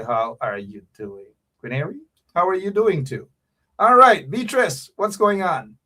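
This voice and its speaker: A man hosts a livestream talk show. He speaks straight to his viewers in an animated, teasing way. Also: medium pitch.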